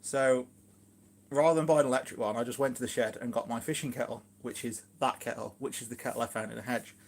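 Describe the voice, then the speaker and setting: Shropshire man, mid-pitched, rambling kitchen live-stream chat, lots of fillers and asides. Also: fairly even intonation, fast. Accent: Shropshire English. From England, Shropshire. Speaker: gardening vlogger, live streamer. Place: at home in his kitchen.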